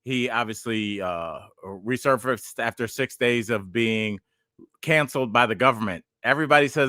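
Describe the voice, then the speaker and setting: Bright, clear-voiced male podcast host. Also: medium pitch, moderate pace, no echo, studio quality. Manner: rambling, digressive storyteller. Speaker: podcast host and stand-up comedian. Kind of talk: casual podcast chat.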